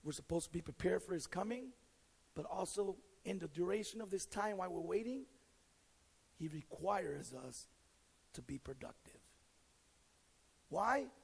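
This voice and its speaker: A male pastor delivers a sermon in a rough, husky voice with a gravelly grain. He is blunt and funny, often restarting his words as he tells stories from his own life. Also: sits high, lively intonation, a little slow, pauses often, in a large hall, poor audio. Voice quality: raspy, gravelly. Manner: direct, joking, self-deprecating. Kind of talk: sermon with storytelling.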